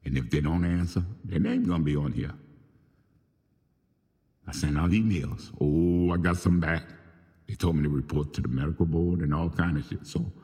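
Deep-voiced man, calling people out by name in an angry, profane monologue, recorded with a long echo. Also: fairly even intonation, normal speed, mellow. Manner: profane, venting, confrontational, addressing people by name. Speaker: host of his own show.

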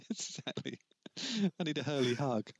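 A man, chatting casually and telling animated stories as a podcast co-host. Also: medium pitch, a little slow, slight background noise. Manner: animated storyteller, laughs often. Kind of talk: casual chat.

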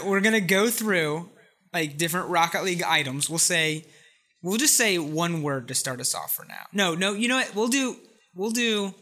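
A podcast co-host in casual chat, excitable and rambling, laughing often. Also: mid-range voice.

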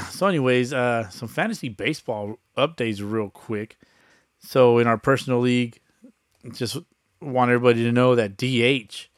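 A man's voice: medium pitch, fairly even intonation, unhurried, clear, resonant tone, dry recording. A young adult man hosting a casual solo podcast, talking loose and profane with lots of fillers into a close mic. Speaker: podcast host.

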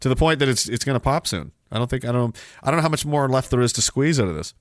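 A man hosting a livestream, reading chat and ranting in a sarcastic, profane way, dropping to mumbles and rising to loud outbursts. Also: medium pitch, animated, fast, dry recording, clean studio sound.

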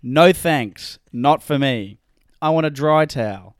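A man's voice: fairly high pitch, slow pace, no echo, clean studio sound. A man co-hosting a podcast in casual chat, joking and playfully defending himself. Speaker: podcast co-host.

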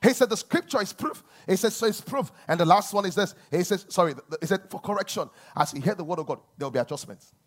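A man preaching a sermon as a pastor, swinging between loud emphasis and quiet asides. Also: sits high, animated, fast.

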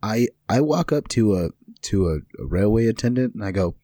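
A man playing a tabletop game, describing his character's moves in a halting, casual way. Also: lowish voice, expressive, warm tone, dry recording, studio quality. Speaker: player.

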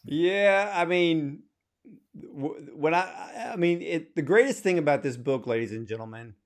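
A man's voice: on the high side, measured pace. Man hosting a podcast interview. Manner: conversational questioner with restarts. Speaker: podcast host. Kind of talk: casual interview.

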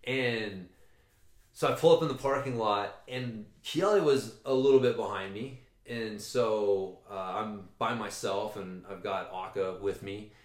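A man's voice: lowish voice, a little slow. A man in casual chat, telling a long rambling story with swearing and frequent restarts. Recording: roomy echo.

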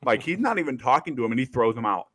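A man hosting a casual sports podcast, telling stories with lively acted-out quotes and casual swearing. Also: mid-range voice, rapid-fire, dry recording. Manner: animated storyteller, acts out quotes, swears casually. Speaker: podcast host.

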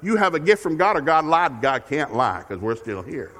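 A middle-aged male preacher with a somewhat high voice. He delivers a folksy, humorous sermon that swings from loud, emphatic exhortation to quiet, confiding asides. His voice rings out through a church sanctuary with a long, trailing reverb. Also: big pitch swings, moderate pace, slight background noise. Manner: folksy, humorous, repeats key phrases. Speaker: guest preacher.

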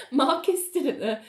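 A woman's voice: high voice, reverberant. A woman, co-hosting a casual podcast and animatedly recapping a TV episode. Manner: animated retelling, acting out characters' lines with laughs. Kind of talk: casual chat.

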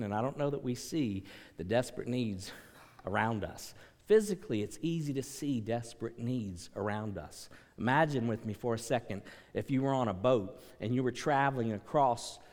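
A male pastor preaching a sermon, swinging between hushed pleading and loud, urgent appeals, clearing his throat now and then. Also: mid-range voice. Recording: long hall reverb.

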